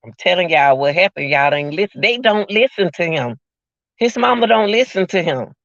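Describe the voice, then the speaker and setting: A man's voice: sits high, expressive, moderate pace, vocal fry, a bit bright, no room sound, highs cut off. A man giving emotional, repetitive livestream commentary, talking straight to his viewers.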